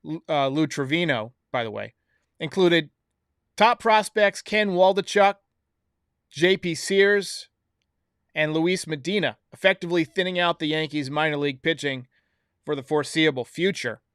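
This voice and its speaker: A man hosts a solo baseball recap show, delivering blunt, opinionated commentary directly to viewers. His voice is a little high and a bit bright, with a clean tone and moderate pace. The recording is dry and studio quality.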